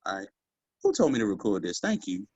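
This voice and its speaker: A man coaching a group on sales, talking in a casual, animated way and calling them y'all. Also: lowish voice, fairly quick, slightly rough, dry recording, muffled recording. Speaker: sales trainer. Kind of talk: motivational training talk.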